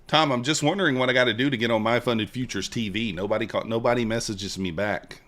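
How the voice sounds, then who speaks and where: A man's voice: mid-range voice, fast talker, fairly bright tone. A man streaming live futures trades, chatting casually with his viewers, joking and hyping his trades. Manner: chatty, joking with chat, banters and hypes trades.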